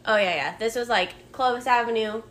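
A woman's voice: on the high side, fairly bright tone. A woman in her thirties, a mother and podcast co-host, chatting bluntly and swearing freely. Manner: blunt, profane, quick reactions. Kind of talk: casual storytelling chat.

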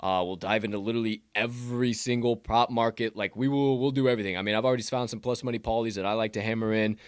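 A man with a lowish voice hosts a sports betting show, swearing freely as he rambles through stories and updates. The sound is dry and close, with no room around it. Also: steady tone, fast talker, clear, resonant tone, no room sound. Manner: profane, rambling storyteller. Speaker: podcast host. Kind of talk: casual sports betting chat.

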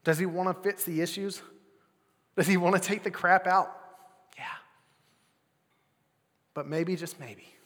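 A young adult man preaching a casual sermon as pastor, swinging between loud bursts and near-whispers. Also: high-pitched, little pitch movement, moderate pace, long pauses, in a large hall.

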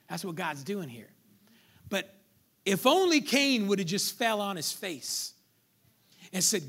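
High-voiced pastor preaching with swings in volume. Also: male voice, sing-song, unhurried, pauses often. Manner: dynamic preaching with sudden loud peaks and hushed drops; acts out quoted voices in conversational asides. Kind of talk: sermon.

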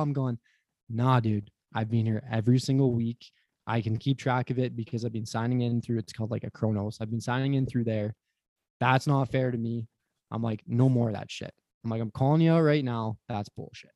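A man's voice: medium pitch, fairly even intonation, brisk, dark tone, dry recording. Swearing man telling a work story. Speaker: podcast guest. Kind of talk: casual podcast chat.

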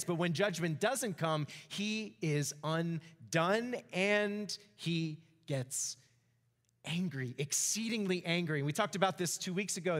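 A man preaching a sermon as pastor, animated, acting out the voices of the story. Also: sits high. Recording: reverberant hall.

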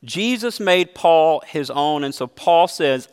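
A man's voice: on the high side, expressive, takes it slowly, hardly any pauses, clean tone, in a large hall. A man preaching a sermon as a pastor, earnest and emphatic, mixing scripture with a personal story.

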